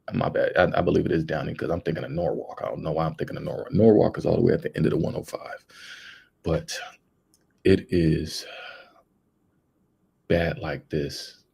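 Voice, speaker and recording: A man's voice: extremely low pitch, vocal fry, a little mellow, breathy edge. A young man, hosting a casual livestream and talking earnestly and rambling to his viewers. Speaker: livestream host.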